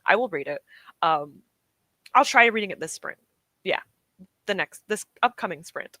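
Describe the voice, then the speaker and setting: A woman's voice: medium pitch, lively intonation, normal speed, pushed and bright, no room sound. A young woman streaming from home, chatting casually and encouragingly with her live chat, often laughing. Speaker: streamer hosting reading sprints.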